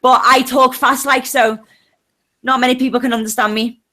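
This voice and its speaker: A woman's voice: high voice, flat delivery, moderate pace, sharp tone. A woman with a Liverpool accent, chatting bluntly and swearing freely as a panelist on a group video call. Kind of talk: casual chat.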